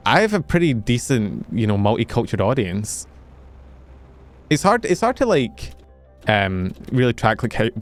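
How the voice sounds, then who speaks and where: A young man from the UK, a streamer chatting casually and rambling in a jokey, self-mocking way while he plays. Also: on the low side. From United Kingdom. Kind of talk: casual chat while gaming.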